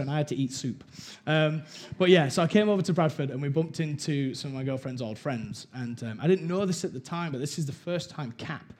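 A man's voice: medium pitch, darkish tone. A young man from England giving a frank personal testimony in a conversational way, repeating phrases as he tells his story. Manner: candid and conversational, repeats himself when telling a story. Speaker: speaker sharing his life story.

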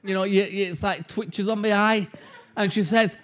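Middle-aged male preacher, lively conversational sermon, slightly higher voice. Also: moderate pace. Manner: animated storytelling, conversational. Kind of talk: sermon with personal story.

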